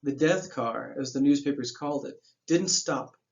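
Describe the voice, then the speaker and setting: A man's voice: mid-range voice, normal speed, highs cut off. A man reading a novel aloud as a teacher, breaking off for casual asides that explain the plot in plain slang.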